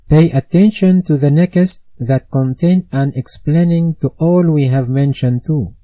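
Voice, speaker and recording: A man guiding learners through a recitation lesson, speaking slowly and carefully. His voice is mellow and warm, recorded dry and close with no room sound. He repeats each drill sound twice so that it sinks in. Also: medium pitch, dry recording, rough recording. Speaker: Quran recitation teacher. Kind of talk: step-by-step instructional narration.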